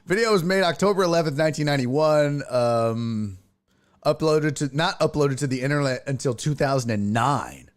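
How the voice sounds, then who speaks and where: A man hosting a sports podcast, chatting casually, excitable and profane, often laughing and imitating voices. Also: a little high, normal speed.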